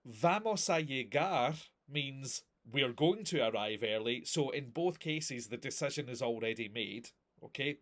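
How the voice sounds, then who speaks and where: Male language teacher, mid-range voice, steady class review. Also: medium pitch, measured pace. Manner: patient, explaining step by step with frequent "okay?". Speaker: Spanish teacher.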